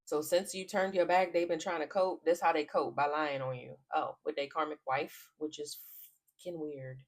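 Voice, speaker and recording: A woman's voice: deep voice, fairly even intonation, normal speed. A woman giving a casual tarot reading to camera, blunt and profane, often cracking up laughing. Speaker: tarot reader.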